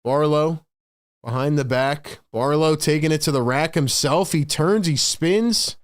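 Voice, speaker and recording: A man's voice: a little high, a little slow. A man doing live play-by-play for his own fan stream, calling the action and ranting in frustration between plays. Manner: sighs and rants between calls.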